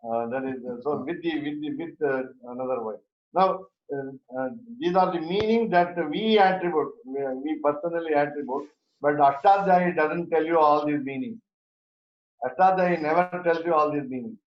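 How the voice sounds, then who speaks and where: A man teaching a grammar class in a slightly high voice, pausing often and restarting his sentences. The sound is roomy and dull, like a lo-fi online class recording with the echo of a bare room. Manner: halting, many fillers and restarts. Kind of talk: Sanskrit grammar class discussion.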